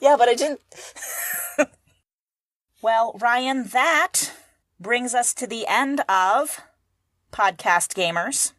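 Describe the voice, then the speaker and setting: A woman's voice: a little high, very slow, long pauses, a bit bright, no room sound, studio quality. A woman co-hosting a casual comedy podcast who teases her partner, laughs often and gives mock-serious explanations. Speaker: podcast co-host.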